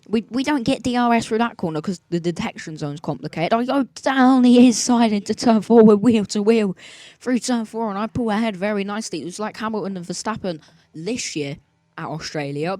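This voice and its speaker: A man's voice: high-pitched, darkish tone, no room sound. Joking young guy narrating racing. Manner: joking, self-mocking and sarcastic. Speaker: gaming video creator. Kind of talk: narrated racing game commentary. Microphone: desk mic, sometimes speaking off-mic.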